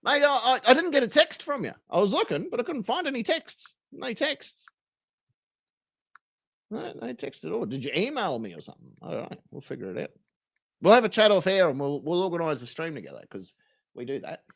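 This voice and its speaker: Rowdy Australian man, lively crude rant. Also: brisk, gravelly. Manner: profane, rowdy, swings between loud rants and low mumbles. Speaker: streamer reacting to videos.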